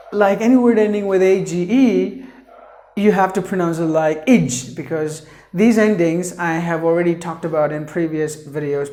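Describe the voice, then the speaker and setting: A man teaching English pronunciation, breaking words into syllables and repeating them deliberately. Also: fairly high pitch, mellow, echoey room. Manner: repeats words for emphasis, many fillers. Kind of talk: pronunciation lesson.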